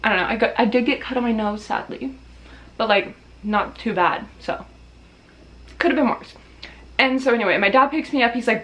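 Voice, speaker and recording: A woman's voice: on the high side, normal speed, long pauses, fairly bright tone, lo-fi sound. A woman vlogger telling a storytime in a casual, dramatic way, swearing freely and laughing as she tells it. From Australia.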